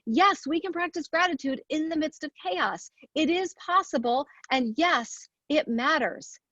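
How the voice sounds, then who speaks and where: A woman's voice: sits high, expressive, measured pace, a bit bright, no room sound, highs cut off. Earnest woman giving a motivational talk. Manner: earnest, rhetorical questions, lists points. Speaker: speaker at a women's leadership event.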